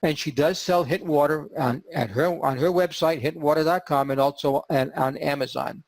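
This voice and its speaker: A man hosting a podcast and telling a story in an animated way, acting out the quotes. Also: a little high, moderate pace, gravelly, no echo. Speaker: podcast host.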